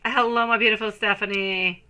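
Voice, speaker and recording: A woman's voice: mid-range voice, fairly even intonation, moderate pace, bright, forceful tone, poor audio. A woman in her thirties giving a live tarot reading, chatty and rambling, greeting viewers by name and calling them sweetie and my love. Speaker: tarot reader.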